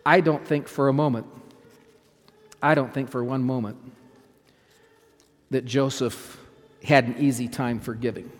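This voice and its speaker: A man's voice: mid-range voice, fairly even intonation, unhurried, long pauses. A male pastor preaching a sermon, emphatic, repeating phrases and putting questions to his listeners. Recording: long hall reverb.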